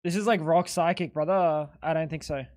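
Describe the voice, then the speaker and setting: Excitable, foul-mouthed streamer talking to chat. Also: mid-range voice, a little fast. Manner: excitable, profane, self-mocking banter. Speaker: live streamer. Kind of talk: live-stream gaming commentary to chat.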